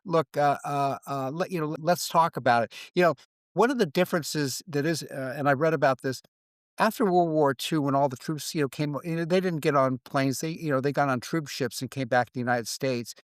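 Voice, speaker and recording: A man in his seventies, a veteran guest in an interview conversation, speaking in a reflective, halting way and acting out quoted exchanges. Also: fairly high pitch, dry recording.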